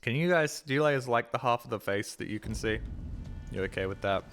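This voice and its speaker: Male streamer, mid pitch, loose rambling game commentary, swears a lot, faint noise behind. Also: a little fast, a bit bright. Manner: rambling, swears freely, talks to chat. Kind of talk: casual gameplay commentary.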